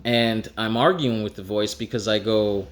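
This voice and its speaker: A lower-voiced man telling a personal story. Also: normal speed. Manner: animated storyteller, acts out quoted dialogue with raised pitch; casual, frank, occasional swearing.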